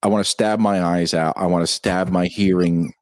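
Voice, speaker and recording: A man's voice: sits low, fairly even intonation, normal speed, no room sound, clean studio sound. A man co-hosting a casual live-stream chat, ranting and swearing freely. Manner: profane, ranting. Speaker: co-host.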